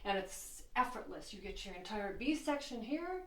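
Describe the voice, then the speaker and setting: A woman's voice: medium pitch, very animated, normal speed, fairly bright tone. A woman piano teacher explaining a piece as she plays, enthusiastic, counting beats and singing phrases aloud. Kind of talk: teaching while playing piano. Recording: roomy, mic at a distance. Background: piano playing.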